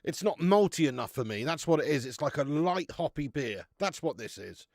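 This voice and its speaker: A man's voice: on the high side, animated, normal speed, a little mellow, no echo, studio quality. A young man chatting casually on a live stream, reviewing beer, bantering with viewers and swearing now and then.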